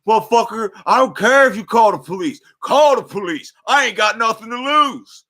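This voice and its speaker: A man putting on the voice of a furious, foul-mouthed woman itching for a fight, shouting and cursing. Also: high voice, animated, moderate pace, voice pushed up, exaggerated voice.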